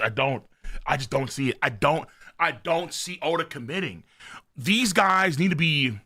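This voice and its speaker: A man streaming a live reaction to a manga chapter, excitable and profane, rambling as he reads. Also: fairly high pitch, gravelly.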